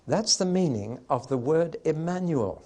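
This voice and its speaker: A man preaching a sermon to a live audience with an emphatic, wry delivery and pauses for effect. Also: fairly high pitch, expressive, mellow.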